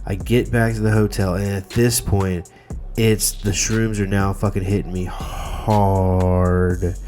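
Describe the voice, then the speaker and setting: Low, mellow-voiced man telling a rambling comic story. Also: flat delivery, takes it slowly, faint music behind. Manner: rambling and profane, full of restarts and fillers. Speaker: podcast host.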